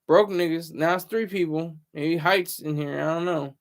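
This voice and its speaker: A man's voice: on the high side, normal speed. A man in his thirties hosting a casual livestream, rambling loosely and reading viewer comments aloud. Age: 30s. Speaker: livestream host.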